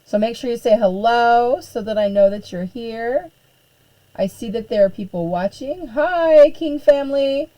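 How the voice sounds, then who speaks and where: A middle-aged woman art teacher chatting casually on a live stream, hoarse and losing her voice, filling pauses with ums and clearing her throat often. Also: fairly high pitch, mellow, rough recording.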